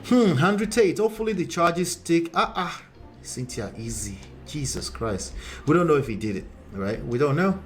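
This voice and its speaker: A man's voice: on the high side, animated, moderate pace, faint music behind. A man who hosts a relationship-coaching live stream. He talks bluntly and lectures, reading out viewer comments and speaking straight to the men watching.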